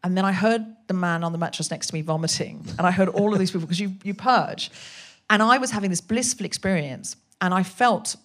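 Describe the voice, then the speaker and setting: Lively storytelling woman, lowish voice. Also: fairly quick, hardly any pauses. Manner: animated, swearing, acts out voices in her anecdotes. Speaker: podcast guest. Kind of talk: casual comic storytelling.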